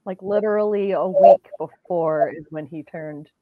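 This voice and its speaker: A woman's voice: on the low side, moderate pace, no room sound, narrow, tinny audio. A woman client giving plain, explanatory answers in casual conversation.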